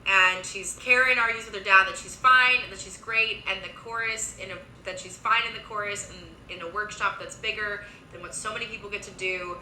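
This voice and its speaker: A young woman casually recapping a TV series, chatty, with quick asides and lots of filler words. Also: mid-range voice, fairly even intonation, pushed and bright, reverberant, a little hiss or hum, poor audio.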